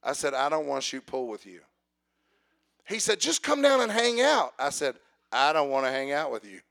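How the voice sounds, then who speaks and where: A man preaching a sermon, telling a personal story with acted dialogue and building to loud calls for amen. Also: fairly high pitch, big pitch swings, moderate pace, vocal fry.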